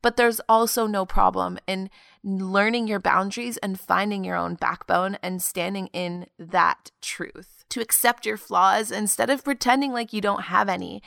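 A woman in her twenties hosts her own podcast, reflecting solo in an earnest, confiding way with the occasional soft laugh. Her medium-pitched voice is creaky, and the recording is dry with clean studio sound.

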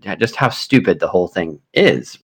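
A man hosting a casual sports podcast, joking and rambling with quick asides. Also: low-pitched, lively intonation. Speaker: podcast host.

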